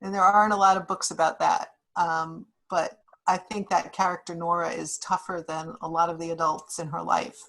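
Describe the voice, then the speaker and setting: A woman's voice: lowish voice, flat delivery, normal speed, creaky, few pauses, a bit bright, rough recording. A woman author speaking to a class over a video call, reflective, with frequent ums and restarts. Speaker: guest author.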